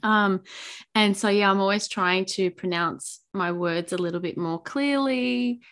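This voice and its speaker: A woman guest with an Australian accent, talking in an animated, chatty way with many restarts. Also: medium pitch, measured pace. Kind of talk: podcast interview.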